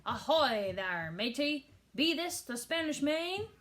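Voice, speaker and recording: A woman voicing a boisterous, bossy male pirate captain in a read-aloud storybook, calling out his lines loud and drawn out. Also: sits high, very animated, slow, voice pushed up, heavily acted. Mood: hearty.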